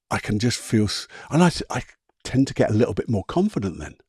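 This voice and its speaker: Husky man coaching. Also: fairly low pitch, very animated, fairly quick, a little mellow, dry recording, studio quality. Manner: conversational, talks listeners through visualisations step by step. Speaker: podcast host and coach. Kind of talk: solo coaching talk with guided exercises.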